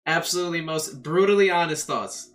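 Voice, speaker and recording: A man's voice: fairly high pitch, brisk, a bit bright. A man co-hosting a podcast, putting questions in an emphatic, building way. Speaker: podcast co-host. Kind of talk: casual podcast chat.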